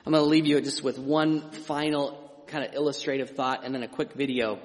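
A man's voice: medium pitch, fairly even intonation, normal speed. A middle-aged man preaching a sermon as pastor, conversational and emphatic, with frequent restarts and asides. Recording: long hall reverb.

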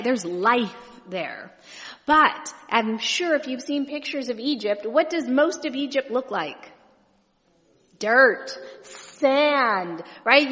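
A woman's voice: high-pitched, fairly bright tone. A woman preacher teaching a sermon in a conversational way, often checking in with the audience. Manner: conversational, keeps asking the audience "right?". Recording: long hall reverb.

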